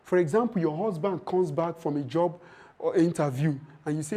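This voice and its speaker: In a high-pitched, warm voice at a moderate pace, a man lectures women on relationships during a training session. He's emphatic and preachy, acting out what husbands and wives say as he goes.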